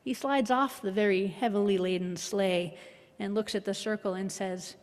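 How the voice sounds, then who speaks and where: A woman minister giving a reflective, measured sermon with a gently wry touch. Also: medium pitch, steady tone. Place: worship hall. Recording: long hall reverb.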